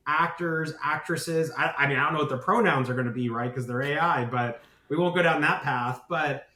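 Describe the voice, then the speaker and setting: A man with a slightly higher voice talks at length as a podcast guest. His delivery is eager and runs on, full of asides, and he keeps checking in with "right?". The sound carries a noticeable room echo. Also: moderate pace, bright, forceful tone. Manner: enthusiastic, rambling, with many "right?" tags. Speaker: guest, marketing agency founder. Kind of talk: podcast interview.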